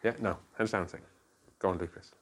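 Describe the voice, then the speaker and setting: A man teaching an interactive Bible study, asking the group questions and explaining with quick asides. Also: low-pitched, fairly even intonation, fairly bright tone, a little hiss or hum.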